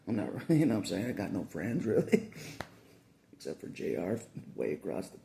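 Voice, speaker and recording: Casting: low, gravelly male vlogger with a lively swing in his voice, laughing between lines. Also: moderate pace. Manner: chuckles through nearly every sentence; repeats phrases, restarts often. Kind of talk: casual rambling monologue.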